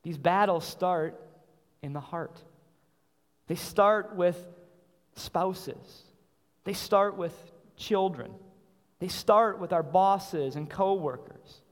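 A man's voice: sits high, slow pace, long pauses. A man preaching a sermon in earnest, repeating phrases and asking rhetorical questions. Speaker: pastor. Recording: long hall reverb.

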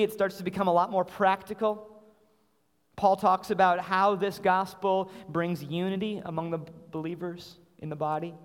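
A man preaching a sermon in earnest, repeating phrases and asking rhetorical questions. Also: high voice. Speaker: pastor. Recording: long hall reverb.

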